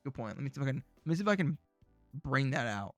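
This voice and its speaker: A man's voice: mid-range voice, sing-song, rapid-fire, no echo, faint music behind. A man streaming casually, reacting to old predictions with jokey, sarcastic remarks.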